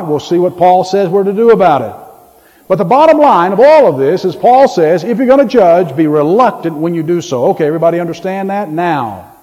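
A man preaching a sermon, animated and storytelling, rising loud on his key points. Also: high-pitched, lo-fi sound. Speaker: pastor. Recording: long hall reverb.

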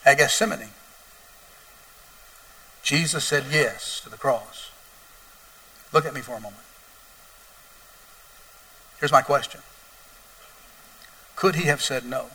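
Male pastor, storytelling sermon, bright tone, picked up from a distance. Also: medium pitch, takes it slowly, pauses often. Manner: builds from quiet storytelling to loud, wailing emphasis.

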